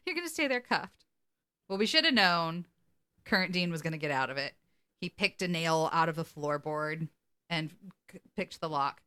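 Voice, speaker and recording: Bright-voiced woman co-host, animated casual storyteller. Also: fairly low pitch, normal speed, clean tone. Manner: animated retelling, quoting characters with laughs. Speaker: podcast co-host. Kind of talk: casual episode recap.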